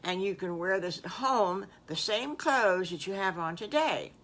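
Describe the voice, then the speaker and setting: A woman's voice: mid-range voice, lively intonation, unhurried, fairly bright tone. An older woman voicing a cheerful, motherly mother pig who gives bustling instructions.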